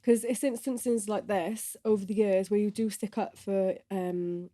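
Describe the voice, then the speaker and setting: Host: woman, mellow tone, close dry recording, gentle and supportive. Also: mid-range voice, fairly even intonation, measured pace, dry recording. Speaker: podcast host. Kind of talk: interviewing.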